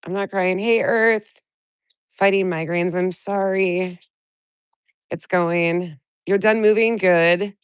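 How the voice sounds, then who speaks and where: A woman with a stuffed-up nose from a cold talks on a live stream, low in pitch for a woman. She swears freely and vents bluntly, stopping to greet chat viewers by name. Her voice sounds dry and close, with no room echo. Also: steady tone, slow, long pauses, smooth. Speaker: livestream host.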